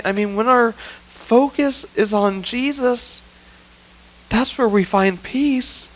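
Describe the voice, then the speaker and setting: His voice very high-pitched, a male pastor takes his sermon slowly in a church sanctuary, captured on a rough recording. The tone is earnest and conversational, with frequent uses of "I mean" and "you know what."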